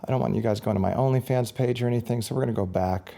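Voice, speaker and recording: A man with a gravelly, fry-edged voice talks through a casual gear review. His tone is mellow and relaxed, and he rambles along, correcting himself as he goes. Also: mid-range voice, very fast. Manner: rambling, chatty, self-correcting.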